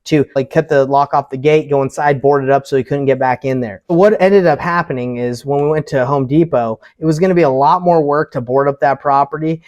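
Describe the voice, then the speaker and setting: A man's voice: mid-range voice, brisk, hardly any pauses, a little mellow, lo-fi sound. A man who invests in real estate, casually telling a story to camera and acting out the people in it.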